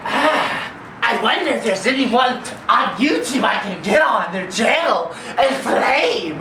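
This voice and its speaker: A man's voice: extremely high pitch, expressive, slow, full character voice. A man voicing a gleeful, cackling male internet troll who squeals and taunts in a mocking skit. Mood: taunting. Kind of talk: mocking skit in a video clip. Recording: roomy, far from mic, loud background noise.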